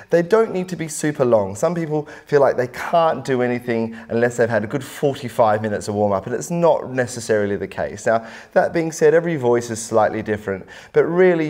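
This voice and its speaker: Calm male vocal coach teaching warm-ups. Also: medium pitch. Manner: calm, encouraging explanations with sung demonstrations. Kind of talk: instructional vocal warm-up lesson.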